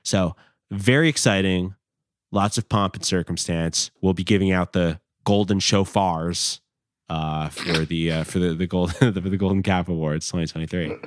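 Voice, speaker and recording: A man's voice: deep voice, steady tone, moderate pace, no echo, clean studio sound. A young man hosting a podcast, chatting casually and rambling with lots of fillers and the odd swear word. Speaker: podcast host.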